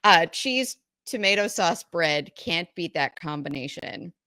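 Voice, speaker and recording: A woman who is a guest on a podcast, talking in a measured, explanatory way in a casual chat. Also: fairly low pitch, expressive, pushed and bright, no room sound, clean studio sound.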